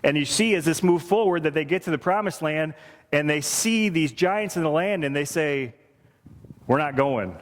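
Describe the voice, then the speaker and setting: A man's voice: fairly high pitch, normal speed. A man preaching a sermon, earnest and repeating phrases for emphasis. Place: church sanctuary. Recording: reverberant church hall.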